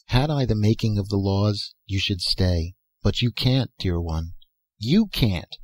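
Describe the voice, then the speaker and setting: A man reading aloud and voicing a gentle, mournful young woman from a dream world, speaking tenderly and softly. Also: on the low side, lively intonation, measured pace, no room sound. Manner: tender, soft-spoken pleading.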